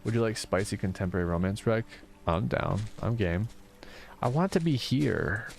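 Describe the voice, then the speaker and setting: A man in his thirties, a streamer chatting casually while gaming, soft-spoken because he is tired and low on energy. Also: lively intonation, normal speed, creaky, faint music behind. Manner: soft-spoken, reading and answering chat.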